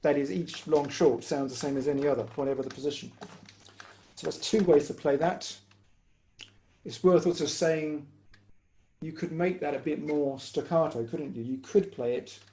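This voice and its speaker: A man giving a patient, step-by-step online music lesson on the hurdy-gurdy, pausing often as he explains. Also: a little high, warm tone. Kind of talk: online music workshop instruction. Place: home room, online workshop.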